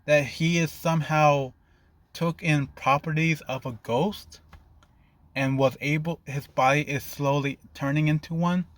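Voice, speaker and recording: Slow rambling male storyteller. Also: a little high, fairly even intonation, no room sound. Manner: rambling, loose, stops to rephrase. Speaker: fan story narrator. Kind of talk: improvised fan fiction storytelling.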